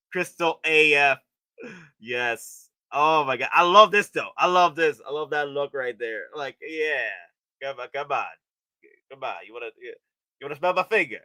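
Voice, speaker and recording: A man hosting a live stream, commenting excitedly on collectible figures and gushing with repeated exclamations. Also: mid-range voice, no echo, clean studio sound. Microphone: streaming setup.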